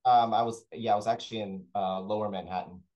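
A man's voice: on the low side, steady tone, quick pace, a little mellow, lo-fi sound. A man, a talent sourcer, chatting as an interview guest and telling rambling anecdotes full of restarts. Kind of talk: casual interview storytelling.

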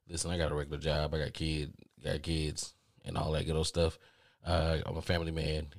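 A man's voice: a bass voice, dry recording, clean studio sound. A man hosting a podcast, telling an exasperated story in a casual, profane monologue. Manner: exasperated storytelling, swears freely. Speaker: podcast host.

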